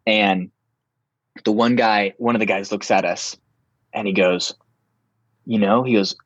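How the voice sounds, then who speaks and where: A young man telling a story in a casual, animated way, full of "like" and restarts. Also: lowish voice, unhurried, no echo, lo-fi sound. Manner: animated, filler-heavy, lots of "like".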